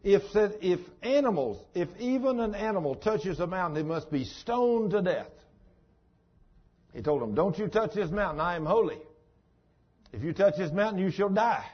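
Guy preaching, husky voice, bit high, dull lo-fi recording. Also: sing-song, moderate pace. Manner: folksy, dramatic storytelling with sudden shouts. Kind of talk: sermon.

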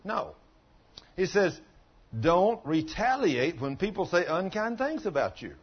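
Husky-voiced older man preaching folksy. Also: high voice, very animated, measured pace, muffled recording. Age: 60s. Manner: folksy, conversational preaching with colloquial grammar. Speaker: pastor. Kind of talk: sermon with storytelling.

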